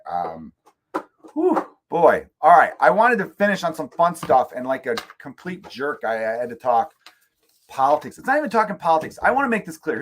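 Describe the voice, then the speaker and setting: A middle-aged man hosting his own comedy podcast from home, rambling through opinions in a casual rant and swearing freely. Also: medium pitch. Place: room at home.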